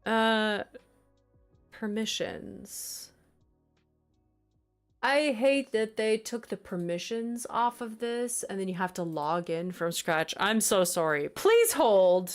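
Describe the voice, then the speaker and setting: A woman's voice: medium pitch, expressive, takes it slowly, soft background music. A woman streamer chatting casually on a livestream, flustered, exasperated and apologetic.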